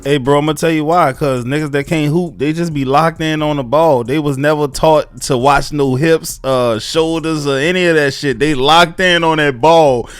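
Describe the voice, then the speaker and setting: A man's voice: on the high side, fairly even intonation, normal speed, few pauses, clean tone, no room sound. Man, laid-back, casual commentary, dry sound, faint music.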